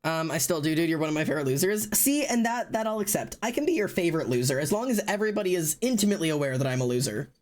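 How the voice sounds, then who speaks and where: A streamer chatting casually and loudly to live viewers, rambling and poking fun at themself. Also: medium pitch, very animated, racing, few pauses. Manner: loud, rambling and self-mocking. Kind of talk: casual livestream chat to viewers.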